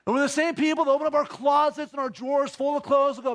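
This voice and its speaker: A man's voice: extremely high pitch, fairly even intonation, quick pace. A man preaching a sermon in a church, conversational, with rhetorical questions and acted-out bits of dialogue. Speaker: pastor. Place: church sanctuary.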